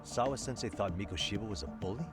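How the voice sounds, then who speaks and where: A curious male detective, voiced by a man, asks probing questions in a very deep voice that swings widely in pitch. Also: expressive, fast talker, over loud music, close to an everyday voice.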